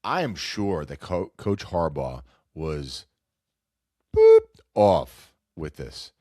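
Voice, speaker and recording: A deep-voiced man hosts a casual sports talk podcast, speaking extremely slowly with wildly swooping pitch and a mellow tone. He sounds nasal and stuffed up from a cold, rambling, cutting himself off, and acting out quotes. The recording is dry, with clean studio sound.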